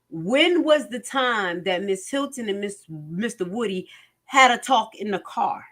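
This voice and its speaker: A woman's voice: mid-range voice, a bit bright. A woman reading court transcripts aloud and commenting on them emphatically, often asking her viewers questions. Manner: emphatic, repeats phrases, asks viewers questions.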